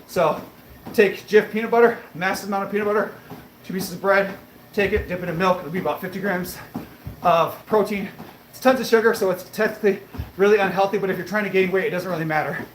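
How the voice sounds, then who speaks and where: A man livestreaming while on a treadmill, chatting casually and answering viewer comments, a bit breathy as he talks between breaths. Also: sits high, fast talker, roomy sound, a little hiss or hum, rough recording. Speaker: fitness livestreamer.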